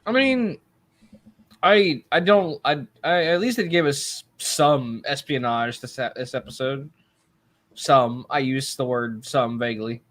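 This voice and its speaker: A man's voice: medium pitch, unhurried, fairly bright tone. A man co-hosting a casual podcast chat, sure of his predictions, with lots of "like" and "I mean.". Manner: confident predictions, filler-heavy. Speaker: podcast co-host.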